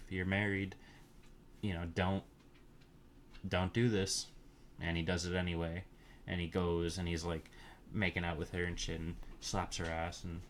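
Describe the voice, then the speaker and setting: A low-voiced man recaps movies casually, rambling in a crude, offhand way packed with fillers and asides, over slight background noise. He is a movie reviewer.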